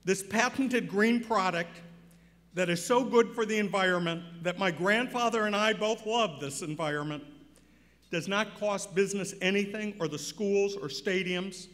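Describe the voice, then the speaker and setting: An older man giving an award acceptance speech, telling a story and building to loud emphatic points. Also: sits high. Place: large banquet hall. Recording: reverberant hall.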